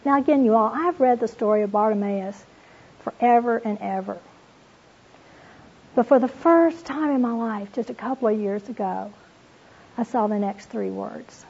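A woman's voice: a little high, normal speed, gravelly, long pauses, a little mellow, breathy edge. A woman teaching from the Bible in an earnest, storytelling way, reading passages aloud and speaking to listeners as "you all". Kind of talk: devotional teaching talk. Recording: dull lo-fi recording.

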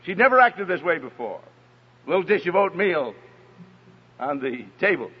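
A man's voice: fairly high pitch, very animated, moderate pace, slightly rough. A man preaching a sermon, emphatic and storytelling, heard as a dull recording in an echoey hall. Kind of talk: sermon on parenting.

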